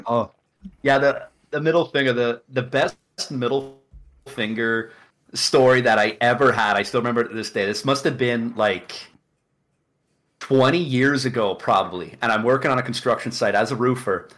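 A middle-aged man tells rambling stories in a casual podcast chat. His pitch sits in the middle, and he throws himself into acted-out quotes. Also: moderate pace, fairly bright tone.

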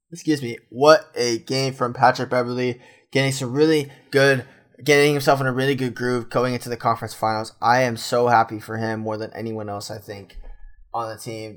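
A man talks alone through a fan recap of a game, animated and close to emotional. He drops "man" into nearly every thought and reads stat lines aloud. His voice sits at an ordinary middle pitch. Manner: animated, says "man" constantly. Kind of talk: excited solo fan recap.

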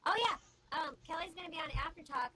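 A woman's voice: extremely high pitch, a little fast, sharp tone, a little hiss or hum. A woman co-hosting a casual livestream, blunt and swearing with a laugh. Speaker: co-host.

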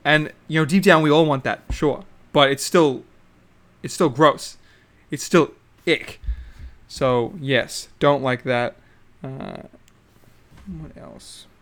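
A man's voice: a little high, takes it slowly, long pauses, fairly bright tone. A young man hosting a solo podcast, ranting casually and swearing about a reality show, with lots of fillers. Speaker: podcast host. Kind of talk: casual solo recap chat.

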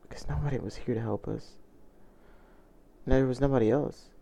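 A man's voice: medium pitch, normal speed, creaky, dark tone. A man telling a personal story in a confessional vlog, earnest and reflective, often restarting his sentences. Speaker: vlogger.

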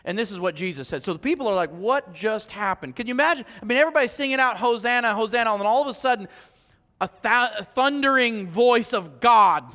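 A male pastor delivers a sermon in a church sanctuary. His voice sits very high and sounds bright and forceful. It swings from quiet reflection to fervent appeals, and a long hall reverb trails each phrase. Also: expressive, quick pace. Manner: swings from hushed to fervent preaching.

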